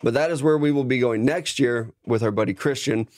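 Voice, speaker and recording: A man's voice: mid-range voice, fairly quick, a little mellow, no echo, clean studio sound. A man co-hosting a sports podcast, telling tailgate stories in loose, swearing banter. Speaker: podcast co-host. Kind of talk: casual chat.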